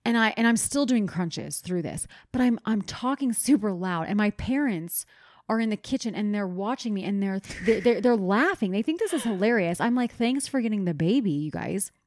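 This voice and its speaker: A young woman and mother co-hosting a podcast, telling a funny story in an animated way, swearing casually. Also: medium pitch, normal speed, no room sound. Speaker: podcast co-host. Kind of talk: casual chat.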